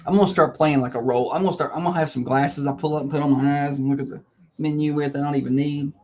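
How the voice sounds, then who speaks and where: A man co-hosting a morning radio show, chatting casually and joking with quick asides. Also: on the high side, fairly even intonation, a little mellow, lo-fi sound.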